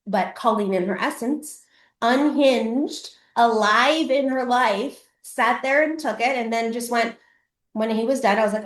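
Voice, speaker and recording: A woman's voice: fairly high pitch, steady tone, moderate pace. A woman who coaches and hosts a podcast, giving a live motivational masterclass in an emphatic, casual way that is full of swearing. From Canada. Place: room at a live event. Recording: roomy echo.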